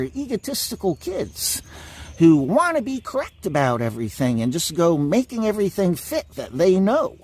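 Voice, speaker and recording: Guy ranting mad at his audience, swearing a lot, pitch jumping all over. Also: big pitch swings, normal speed, no echo. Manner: profane, insulting, repetitive. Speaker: vlogger. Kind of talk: angry ranting monologue.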